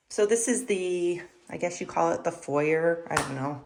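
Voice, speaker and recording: A woman's voice: lowish voice, a little slow, vocal fry, background noise. A woman in her fifties chatting casually while giving a home tour, enthusiastic about her thrift finds. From United States.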